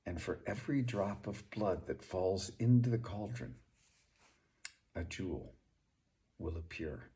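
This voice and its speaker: A man voicing a sweet, gentle fairy maiden of the forest in a storybook tale, speaking in a sweet and tender way. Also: low-pitched, animated, measured pace, pauses often. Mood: calm instructing.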